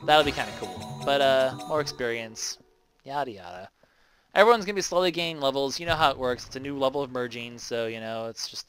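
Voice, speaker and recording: A man's voice: mid-range voice, moderate pace, fairly bright tone. A young man rambling casually as he comments on a video game he plays. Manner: rambling, chatty, often trails off. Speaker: let's play commentator. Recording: faint game music behind the voice.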